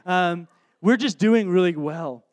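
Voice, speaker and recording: A man with a notably high voice tells a story from the pulpit, animated and self-deprecating. He keeps restarting his sentences as he goes, in his thirties and at ease with the crowd. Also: slow pace. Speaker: preacher. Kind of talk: anecdotal sermon storytelling.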